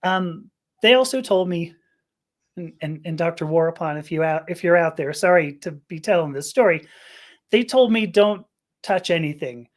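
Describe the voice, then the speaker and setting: A woman's voice: on the low side, expressive, moderate pace. A woman guest on a podcast, telling a personal story candidly, often stammering, laughing and restarting her sentences.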